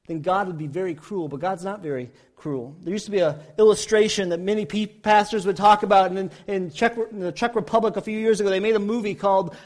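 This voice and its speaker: High-voiced man preaching with passion. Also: darkish tone. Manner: impassioned storytelling, rising and falling intensity. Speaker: pastor. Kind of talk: sermon.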